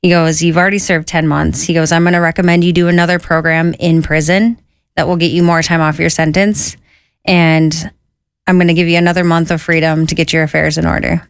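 A woman's voice: deep voice, level tone, brisk, clear, resonant tone, no room sound. A woman guest telling her personal testimony casually, acting out dialogue with quoted voices and using lots of "I was like" and "you know.".

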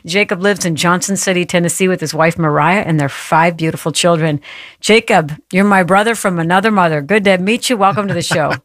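A woman's voice: fairly low pitch, brisk, no echo, clean studio sound. A woman hosting a Christian talk show with fervent, affirming interjections, welcoming a guest and reading announcements.

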